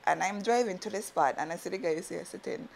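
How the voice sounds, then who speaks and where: A woman, co-hosting a casual chat as an animated storyteller who laughs often. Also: fairly low pitch, fast talker, vocal fry.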